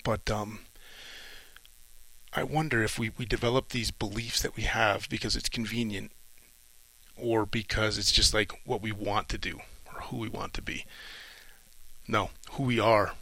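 A middle-aged man, a retired Navy officer, talking through a reflective solo monologue in short, halting, thoughtful phrases. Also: fairly low pitch, steady tone, creaky, pushed and bright, low-quality recording.

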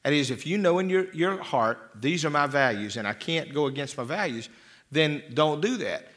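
A man's voice: on the high side, expressive, moderate pace, a bit bright. A man preaching a sermon as a pastor, folksy and rambling, with frequent restarts and repeated words. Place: church.

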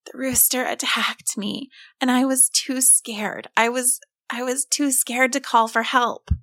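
A woman voicing a frightened little farm boy in a hushed, trembling whisper. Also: high voice, fairly even intonation, measured pace, no room sound, pitched above the performer's own voice. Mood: terrified.

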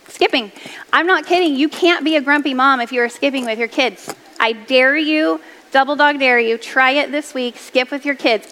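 A woman's voice: fairly high pitch, a bit bright, long reverb tail. A woman around forty giving an upbeat motivational talk to mothers, chatty and self-deprecating, laughing easily. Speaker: speaker addressing mothers.

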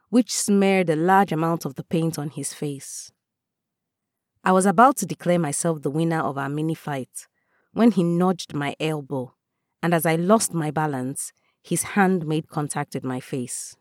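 A woman reading a first-person story aloud in a calm, measured way. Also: sits low, no room sound, clean studio sound. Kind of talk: scripted first-person narration.

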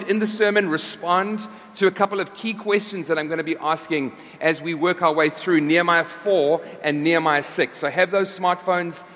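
Man, pastor, high voice, chatty sermon, trails off and repeats himself, long echoing hall reverb. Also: fairly bright tone. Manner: conversational, restarts and repeats phrases. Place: church service.

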